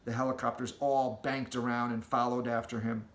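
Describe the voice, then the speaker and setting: A man reading a children's storybook aloud with an expressive, storytelling delivery, in an echoey room. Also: medium pitch, moderate pace. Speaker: audiobook reader.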